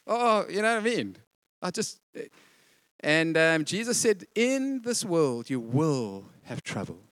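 Animated man preaching. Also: a little high, dry recording. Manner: animated, conversational preaching with quick voiced asides. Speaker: pastor. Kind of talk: sermon.

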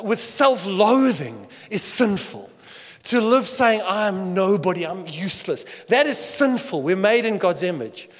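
A man preaching a sermon as pastor, animated and playful, acting out quoted voices with bursts of laughter and shouting. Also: high-pitched, long reverb tail.

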